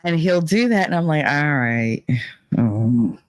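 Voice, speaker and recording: A man's voice: fairly high pitch, very animated, normal speed, a little mellow, no room sound. A man hosting a casual livestream, talking bluntly and with frequent swearing as he reads the chat. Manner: blunt, profane, emotionally candid. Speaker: livestream host reading chat.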